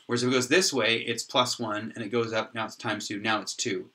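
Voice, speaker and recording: A man giving a whiteboard tutorial on how his software works, thinking aloud with frequent restarts and pauses. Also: lowish voice, fairly even intonation. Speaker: software developer explaining his code. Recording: voice from a distance off the mic.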